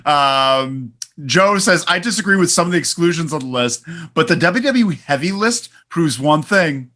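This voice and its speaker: Bright-voiced laid-back male co-host. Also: a little high, expressive, normal speed. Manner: laid-back, reads listener comments, chuckles often. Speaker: podcast co-host. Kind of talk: casual wrestling podcast chat.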